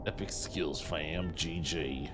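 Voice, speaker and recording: A man's voice: rumbling low, fairly even intonation, slow, loud music behind the voice. A man streaming a game live, chatting casually and playfully with viewers and humming tunes between remarks. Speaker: livestreamer.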